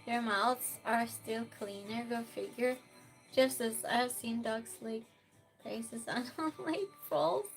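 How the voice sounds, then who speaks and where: A woman hosting a quiz game on her live stream, reading chat messages aloud in a casual way, sometimes loud and sometimes dropping almost to a whisper. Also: fairly high pitch, soft background music. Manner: reads chat aloud, slow and chatty, swings between loud outbursts and soft near-whispers.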